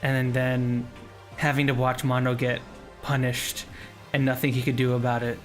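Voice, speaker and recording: A man's voice: mid-range voice, level tone, normal speed. A young man streaming a casual game playthrough, chatting in a rambling way and reading the story aloud. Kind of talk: casual game commentary and narration. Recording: faint background music.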